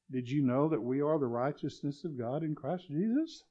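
A man preaching a sermon, swinging between loud exclamations and quiet, chuckling asides. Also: on the high side, animated, measured pace, dull audio.

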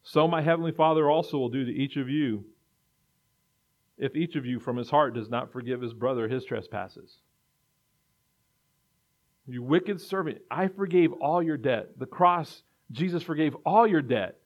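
A man's voice: medium pitch, normal speed. A man preaching a sermon in an earnest way, building to emphatic repetition. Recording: dull lo-fi recording.

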